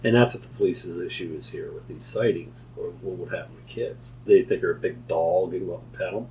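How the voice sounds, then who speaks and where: A man's voice: sits low, brisk, a little mellow, slightly rough, rough recording. A man telling rambling paranormal anecdotes on a casual radio show, often laughing at his own stories. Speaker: paranormal investigator, show regular. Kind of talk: casual storytelling chat.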